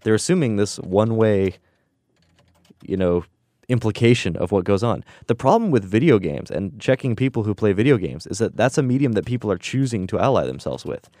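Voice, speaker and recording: A man's voice: fairly low pitch, expressive, brisk, warm tone, no echo, clean studio sound. A young man co-hosting a casual discussion, rambling and musing, often laughing. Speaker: podcast co-host.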